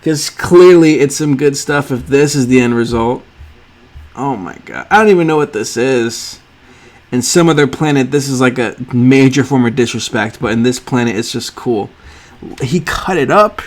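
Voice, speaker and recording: A man hosting a sneaker art channel, reacting to drawings on screen with gushing, theatrical awe that swings from loud to hushed. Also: mid-range voice, moderate pace.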